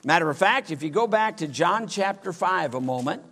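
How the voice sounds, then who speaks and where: A male preacher delivering a sermon, reading scripture in an emphatic, drawn-out way. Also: sits high, animated, pushed and bright.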